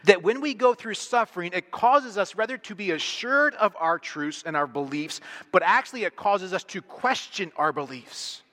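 Man, middle-aged pastor, bright forceful voice, emphatic sermon delivery, echoey church hall. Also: high-pitched, expressive, normal speed, few pauses. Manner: earnest, emphatic, leans hard on single words.

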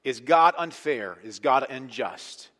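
A man delivering a sermon as pastor, chatting with the congregation one moment and pressing a point hard the next. His voice is bright and forceful. It rings out with a long reverb through a large hall. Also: mid-range voice, animated, takes it slowly. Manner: conversational, emphatic, swings from loud to hushed.

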